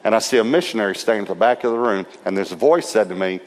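A man's voice: fairly low pitch, quick pace. A man preaching to a church, telling a story with laughter and acting out the quotes. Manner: lively storyteller who acts out quotes and laughs. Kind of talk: sermon storytelling. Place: church service. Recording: long reverb of a large hall.

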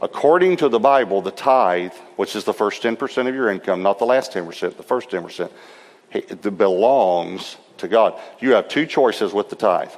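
A man's voice: lowish voice, moderate pace. A middle-aged man, a pastor, preaching and telling funny stories with quoted dialogue. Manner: humorous, animated storytelling with quoted voices. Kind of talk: sermon storytelling. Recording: long hall reverb.

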